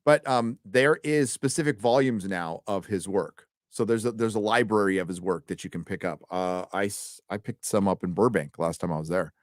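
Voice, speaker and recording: A man's voice: on the low side, moderate pace, hardly any pauses, dry recording, studio quality. A man hosting a live stream, reading out donations in loose casual chat, swearing freely and tripping over words.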